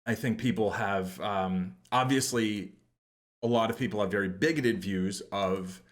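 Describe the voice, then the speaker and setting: A man's voice: on the low side, a little slow. A man from New York hosting a podcast, chatting casually in rambling, self-deprecating asides. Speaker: podcast host. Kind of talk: casual chat.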